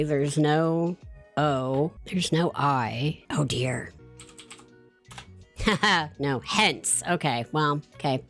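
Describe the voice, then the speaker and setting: A young woman with a low, deep-set voice plays through a visual novel on stream, reading the lines aloud and giggling between remarks. She thinks out loud, teasing and muttering to herself. Soft game music sits faintly behind her. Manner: playful, giggly, talks to herself while puzzling. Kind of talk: visual novel playthrough with read-aloud dialogue.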